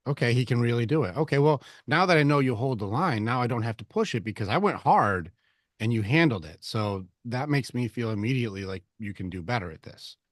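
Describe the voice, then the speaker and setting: A man's voice: medium pitch, lively intonation, fairly quick, no room sound, clean studio sound. A man coaching another man in a conversation, blunt and given to swearing, who acts out both sides of arguments. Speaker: relationship coach.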